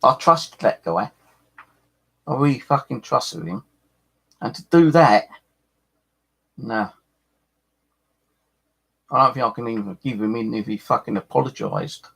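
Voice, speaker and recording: Brief: husky-voiced streamer, furious rant, lots of swearing and repetition. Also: male voice, mid-range voice, expressive, normal speed, sharp tone. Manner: angry, swearing, repeating himself. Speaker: paranormal live streamer. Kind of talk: angry live-stream rant.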